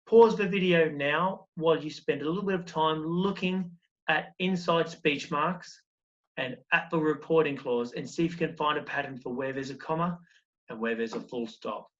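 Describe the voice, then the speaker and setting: A fairly high-voiced man teaching a recorded primary school lesson, coaxing along with one question after another. The sound is a touch dull and lo-fi. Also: moderate pace. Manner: encouraging, explains step by step with questions.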